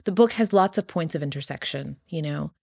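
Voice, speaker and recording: A woman's voice: sits low, expressive, a little fast, vocal fry, a little mellow, slightly rough, no room sound. A woman author talking animatedly in an interview, full of "you know" and "like", acting out quotes as she tells stories. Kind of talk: casual interview chat.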